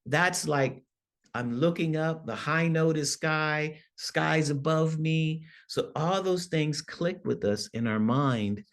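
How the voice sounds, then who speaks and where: A man's voice: mid-range voice, measured pace. A man, a songwriting professor, giving a conversational workshop lecture, often checking in with "right?" and acting out examples in different voices. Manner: animated, demonstrates with acted-out voices.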